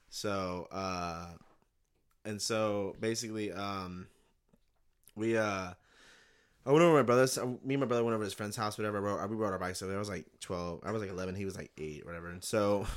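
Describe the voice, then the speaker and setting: A man's voice: on the low side, a bit bright. A young man, podcast host, telling a long rambling story in casual chat, laid back and swearing.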